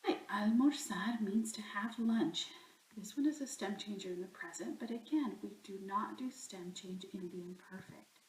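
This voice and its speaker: A woman's voice: medium pitch, normal speed. Patient woman teaching grammar, echoey room. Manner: patient, explains step by step. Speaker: Spanish teacher. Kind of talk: recorded grammar lesson.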